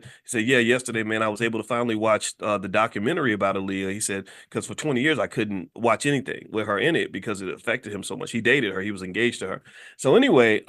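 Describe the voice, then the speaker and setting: A man's voice: a little high, fairly bright tone. Emphatic American man hosting commentary. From Kentucky, USA. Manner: emphatic, repeats words and restarts, slips into mocking voices. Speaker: podcast host. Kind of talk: passionate social commentary.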